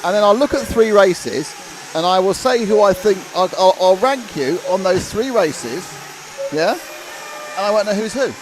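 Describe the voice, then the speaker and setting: A man with a high, very lively voice rambles through jokey live race commentary. Loud venue noise runs under everything, as at a busy race track. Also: normal speed, low-quality recording. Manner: jokey, rambling, animated banter.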